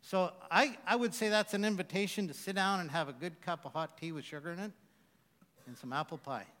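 A man delivers a sermon from the pulpit in a high, bright voice. He breaks up his scripture readings with joking, self-mocking asides. The sound carries a long reverb from the hall. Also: fairly quick. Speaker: preacher.

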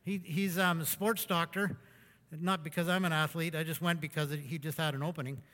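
Man, high bright voice, folksy rambling sermon storyteller, long hall reverb. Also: fairly even intonation, fairly quick. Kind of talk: anecdotal sermon talk.

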